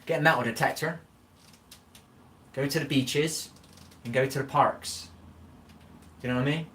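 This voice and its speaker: A man's voice: mid-range voice, fairly even intonation, normal speed, fairly bright tone, slight background noise. Chatty man reading livestream comments. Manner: chatty, stumbles over viewer names, folksy advice. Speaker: livestream host. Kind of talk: casual livestream chat reading viewer comments.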